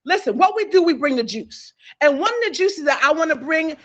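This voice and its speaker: A woman with a high, bright voice hosts a livestream gossip show. She is bubbly and excitable, piles up repeated hype phrases for her listeners and chats casually into a phone mic. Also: fairly quick, lo-fi sound. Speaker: livestream talk show host. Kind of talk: energetic celebrity gossip chat.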